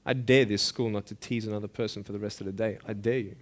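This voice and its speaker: A man in his thirties with an Australian accent, giving an impassioned motivational speech at a school assembly. He swings between loud pleading and hushed intensity. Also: on the low side, fairly even intonation, quick pace. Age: 30s. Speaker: motivational speaker.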